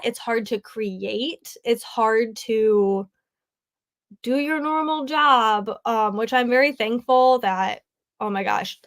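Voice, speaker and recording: A woman's voice: a little high, fairly bright tone. A young adult woman hosting a casual crafting livestream from home, chatty and tearful, laughing often and saying "like" a lot as she reads comments. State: tearful, grieving. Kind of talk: casual live chat, reading comments.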